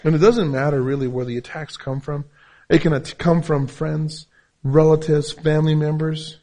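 A man's voice: fairly high pitch, fairly even intonation, normal speed, mellow. Emphatic preaching man, non-native English accent. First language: not English. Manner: preaching with rising emphatic repetition. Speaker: pastor. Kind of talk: sermon.

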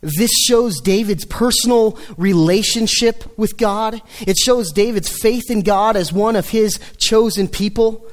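A high-pitched man delivering a sermon. He speaks earnestly, sinking into a low, hushed voice when he reads the psalm's lament. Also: unhurried, few pauses. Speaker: preacher.

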